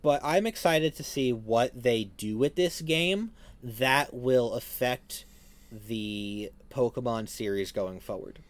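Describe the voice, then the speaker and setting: A man's voice: mid-range voice, takes it slowly. A young man co-hosting a podcast, chatting casually in a matter-of-fact way. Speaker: podcast co-host. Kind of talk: casual chat.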